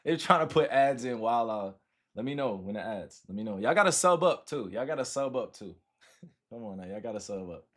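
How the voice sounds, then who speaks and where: A man's voice: medium pitch, expressive, a little fast. Man chatting loosely with his stream viewers. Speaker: livestreamer. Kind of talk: casual livestream chat with viewers.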